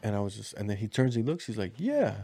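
A man's voice: fairly low pitch, fairly even intonation, rapid-fire, dark tone, breathy edge. A man chatting casually on a podcast, telling a long story full of slang, swearing and restarts. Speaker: podcast co-host.

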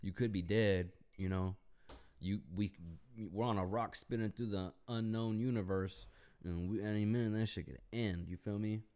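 A young man hosting a podcast, telling stories in profane, animated casual chat. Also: on the low side, normal speed, clear, resonant tone. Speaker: podcast host.

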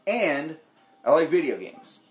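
A man hosting a podcast in casual banter, animated and quick to laugh, trailing off and restarting sentences. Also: fairly high pitch, soft background music. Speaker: podcast host. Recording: roomy echo.

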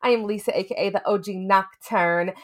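A woman's voice: mid-range voice, steady tone, fairly quick. A woman co-hosting a casual podcast, playful and rambling, swearing for emphasis. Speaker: podcast co-host.

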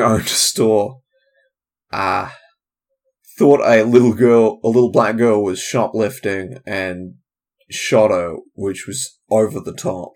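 Casually rambling man hosting a podcast. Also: mid-range voice. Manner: casual, loose and digressive, trailing off, many fillers. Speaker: comedian and podcast host. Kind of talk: rambling solo podcast chat.

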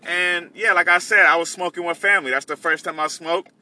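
Bright-voiced young man rambling in a car. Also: sits high, steady tone, fairly quick, slight background noise. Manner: loose, rambling, many restarts and fillers. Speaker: podcast host and delivery driver. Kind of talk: casual rambling monologue.

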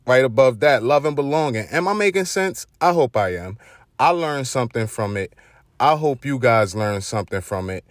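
A man's voice: mid-range voice, dry recording, studio quality. A young man with a Brooklyn accent hosting his own vlog, chatting loosely in street slang with lots of ums and restarts. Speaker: host. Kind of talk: casual vlog monologue.

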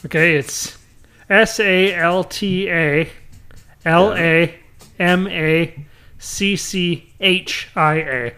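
A man's voice: high voice, very slow, pushed and bright, clear, resonant tone. A man running a playful spelling quiz for his co-hosts, chuckling as he reads out names and spellings. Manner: amused, chuckling quizmaster. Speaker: game quizmaster. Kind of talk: playful studio banter.

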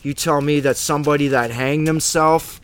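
A man's voice: fairly high pitch, fairly even intonation, normal speed, clean tone. A man teaching the Bible in an informal, emphatic way, rambling with restarts and asides.

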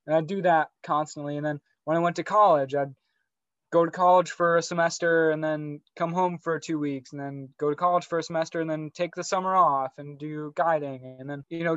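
A young man chatting casually on a podcast, reflective and a little rambling, with a slightly higher voice than most men. The sound is dry and a touch dull, as if from a modest home mic. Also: no room sound. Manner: rambling, reflective, laughs often. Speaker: podcast co-host. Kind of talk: casual chat.

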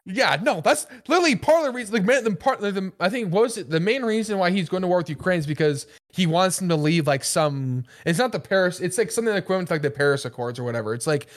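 A man's voice: high-pitched, expressive, quick pace, few pauses. A man co-hosting a casual podcast, talking in a profane, mocking way and mimicking the people he quotes. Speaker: podcast co-host.

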